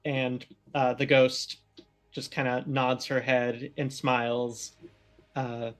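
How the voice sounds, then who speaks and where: A man narrating as game master of a tabletop role-playing game, often pausing with fillers as he describes the scene. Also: mid-range voice, flat delivery, a bit bright, faint music behind. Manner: hesitant, filler-heavy narration.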